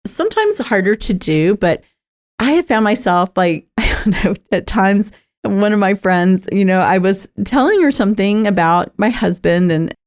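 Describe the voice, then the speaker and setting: A woman's voice: mid-range voice, expressive, normal speed, a little mellow. A middle-aged woman talking candidly about keeping a positive mindset, conversational with lots of fillers and laughter. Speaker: talk host. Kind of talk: personal talk on positive mindset.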